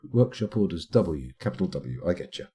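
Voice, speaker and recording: A middle-aged British man talks through his game live on stream, rambling and poking fun at himself as he goes. His voice sits a little low, with a dark, mellow and slightly husky tone. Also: big pitch swings, brisk. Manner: rambling, self-deprecating, chatty.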